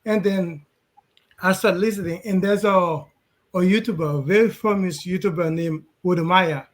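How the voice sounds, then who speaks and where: A man from Haiti, telling his story on a video call, earnest and hesitant with pauses. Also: sits high. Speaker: client and guest on a live call. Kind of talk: casual testimony on a video call.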